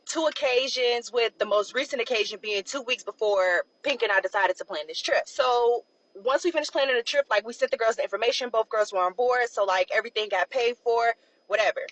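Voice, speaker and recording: A young woman casually telling a personal story, loose and chatty, full of "like" and quick asides. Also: a little high, fairly bright tone, rough recording. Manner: chatty, loose, peppered with "like" and "blah, blah".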